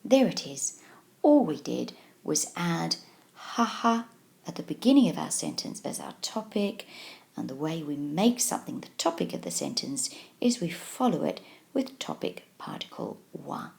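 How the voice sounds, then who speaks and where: A woman teaching a language video tutorial, explaining slowly and patiently and encouraging the learner. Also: deep voice, sing-song, vocal fry, darkish tone. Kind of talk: scripted video tutorial lesson.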